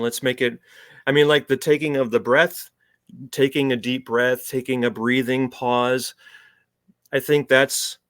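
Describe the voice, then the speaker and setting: A man's voice: medium pitch, a bit bright, no room sound. Earnest man, dry close sound. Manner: earnest, reflective, with many restarts. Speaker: spiritual coach. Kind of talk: conversational podcast interview.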